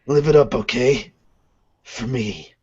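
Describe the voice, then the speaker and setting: A man voicing a gruff young male dragon slayer facing death, subdued and earnest, in an amateur manga read-along. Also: mid-range voice, slow, a little mellow. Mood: grim. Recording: dull lo-fi podcast audio.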